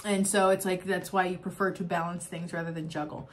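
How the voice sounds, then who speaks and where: A woman's voice: lowish voice, level tone, brisk, a little hiss or hum. A young adult woman giving a spiritual oracle card reading, talking in an effusive, rambling way with many fillers and frequent laughs.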